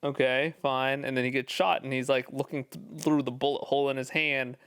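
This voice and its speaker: A man co-hosting a podcast in casual chat, relaxed and rambling with restarts. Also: medium pitch, brisk, smooth, no echo. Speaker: podcast co-host.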